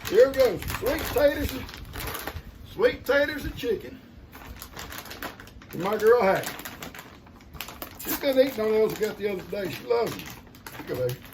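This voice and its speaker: A man's voice: high voice, expressive, normal speed, pauses often. An older man, chatting casually and folksily to camera while opening gifts and talking to his pets. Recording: noisy home recording.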